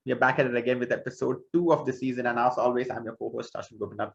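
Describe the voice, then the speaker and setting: A man's voice: mid-range voice, rapid-fire, gravelly, hardly any pauses. Man, podcast co-host, from India, hesitant, dull lo-fi sound. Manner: hesitant, restarts often. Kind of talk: casual podcast chat.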